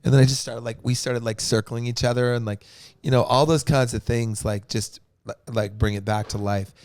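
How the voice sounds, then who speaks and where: A man's voice: mid-range voice, steady tone, a little fast, a little mellow, dry recording. A man hosting a loose, profane post-show chat, joking and musing about touring. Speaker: band frontman and show host. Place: venue backstage room.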